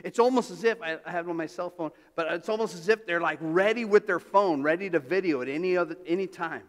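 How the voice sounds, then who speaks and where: A man's voice: high-pitched, fast talker. A male pastor preaching a sermon in a church, telling stories conversationally with asides and restarts. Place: church sanctuary. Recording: reverberant church hall.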